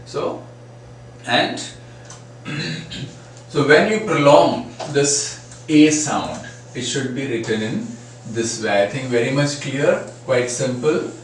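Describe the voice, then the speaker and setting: Slow man teaching phonetics. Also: medium pitch, animated. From India. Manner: slow, repeats example words aloud; frequent "right?" and "uh, say" fillers. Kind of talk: phonetics lecture. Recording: echoey room, mic at a distance, faint noise.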